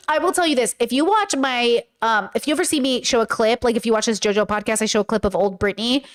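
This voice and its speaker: High-voiced woman rambling animatedly. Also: fast, few pauses. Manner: rambling, animated, lots of fillers; playfully mimics voices and quotes. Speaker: YouTuber and podcast host. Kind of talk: casual commentary reacting to comments.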